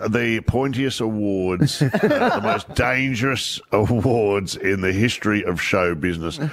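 Middle-aged Australian male storyteller, lively wide-ranging delivery, comic timing. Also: on the low side, a little slow. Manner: animated anecdotes, laughing through punchlines. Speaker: radio show guest. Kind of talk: casual storytelling chat.

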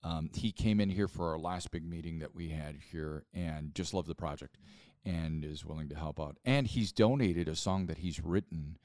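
A man's voice: very deep voice, normal speed, a little mellow, dry recording, clean studio sound. A man who founded a museum, telling stories in a casual interview, recorded at the museum. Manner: chatty storyteller. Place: rock museum.

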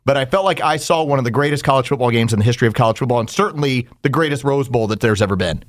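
A man co-hosting a sports talk show, launching into stories and putting on other people's voices as he tells them. His pitch sits in the ordinary middle range for a man. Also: rapid-fire, dry recording, clean studio sound. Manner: storytelling, emphatic, fond of acted quotes. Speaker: radio show co-host. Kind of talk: casual sports radio chat.

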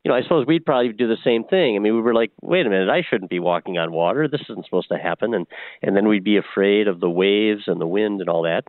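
A priest talking as a guest on a call-in radio show, gentle and reflective, with many pauses and fillers. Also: male voice, on the low side, no room sound. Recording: tinny phone line, dry.

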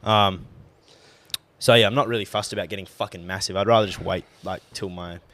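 Laid-back young man, low voice. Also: fairly even intonation, quick pace, fairly bright tone. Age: young adult. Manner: laid-back, swears a lot, trails off with fillers. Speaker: podcast co-host. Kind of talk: casual chat.

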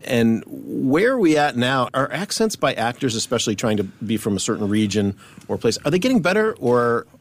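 A man from Chicago, hosting a casual radio chat in a relaxed, conversational way. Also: mid-range voice, normal speed. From Chicago, USA. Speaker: radio host.

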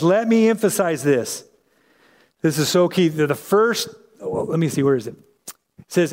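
Male pastor teaching scripture, high voice, pushy but chatty, lots of hall echo. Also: a little mellow. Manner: emphatic, conversational, checks in with 'okay?' and 'man'. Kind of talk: sermon, Bible teaching.

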